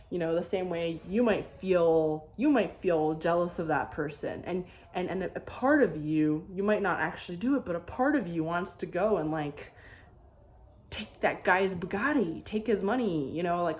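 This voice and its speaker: Low-voiced woman rambling through a story. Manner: animated, rambling, frequent "like" and restarts. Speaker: vlogger. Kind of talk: casual storytelling vlog.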